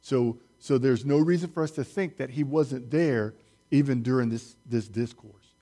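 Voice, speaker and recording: A man preaching a sermon, speaking slowly and deliberately, stressing key words and putting questions to his listeners. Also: mid-range voice, warm tone.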